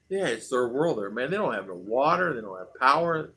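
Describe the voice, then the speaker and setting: Middle-aged American man, casual livestream host, animated storyteller with a bright edge. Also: mid-range voice, a little fast, slightly rough. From United States. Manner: storytelling with laughs and acted-out quotes. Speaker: vlog host reading live chat.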